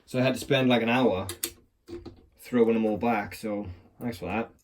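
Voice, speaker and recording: A man's voice: on the low side, steady tone, normal speed, a little hiss or hum. A man chatting casually about picking locks, rambling and swearing with a self-mocking edge, recorded on a clamped phone. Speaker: lock picking hobbyist. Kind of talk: casual chat while demonstrating.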